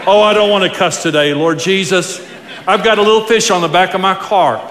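A man preaching a sermon with emphatic delivery, swinging from hushed asides to loud bursts. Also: sits high, a little fast, echoey room, long reverb tail, slight background noise. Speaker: pastor.

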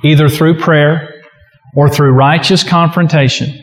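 A man's voice: fairly high pitch, steady tone, measured pace. A man preaching a sermon as a pastor, earnest and emphatic, often acting out prayers aloud. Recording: echoey hall with long reverb.

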